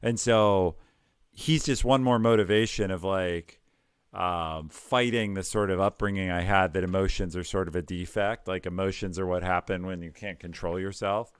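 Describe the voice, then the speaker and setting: A middle-aged man from Ohio, a tech executive guest, telling stories in a calm, measured way with frequent pauses and fillers. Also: low voice, clean tone, dry recording, clean studio sound. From Ohio, United States. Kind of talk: conversational storytelling.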